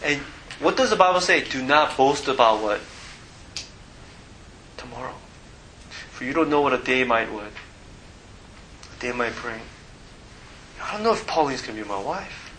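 A man preaching a casual sermon, often pausing to ask his listeners to fill in the missing word. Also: mid-range voice, animated, bright, forceful tone, a little hiss or hum, low-quality recording. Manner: asks the audience to fill in words.

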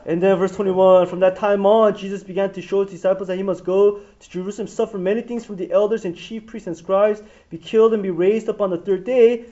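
A man giving a casual Bible teaching to a small group, retelling the story with animated, acted-out quotes and swings in loudness. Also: high voice, fairly quick, hardly any pauses. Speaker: pastor. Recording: dull lo-fi room recording.

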